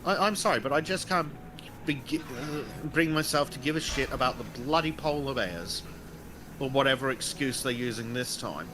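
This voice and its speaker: A man's voice: medium pitch, animated, moderate pace, music in the background, low-quality recording. An Australian man, a guest in a casual gaming chat, talking bluntly and swearing. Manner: blunt, sweary, dry agreement.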